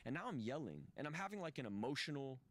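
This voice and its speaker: Speaking fast in a sing-song, fairly bright voice of medium pitch, a man recounts his recovery as a guest on a podcast. He's candid and emphatic, swears freely, and keeps restarting his restless sentences.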